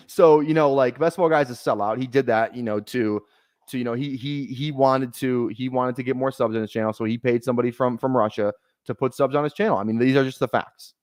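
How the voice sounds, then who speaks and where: A man's voice: mid-range voice, no echo, studio quality. Rambling, joking male streamer. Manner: rambling, joking, self-deprecating. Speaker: fantasy football streamer. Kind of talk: casual livestream chat while drafting.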